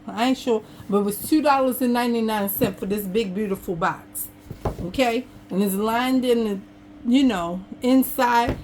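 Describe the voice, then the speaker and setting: A woman's voice: mid-range voice, slight background noise. A woman in casual chat at her home craft table, talking to her viewers in a folksy, chatty way. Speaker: craft vlogger. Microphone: camera on an over-table tripod.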